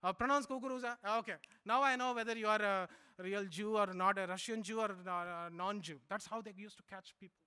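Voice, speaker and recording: A middle-aged man from India, preaching a sermon and swinging from loud emphatic lines to low quiet asides. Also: fairly even intonation, a little fast, few pauses, smooth.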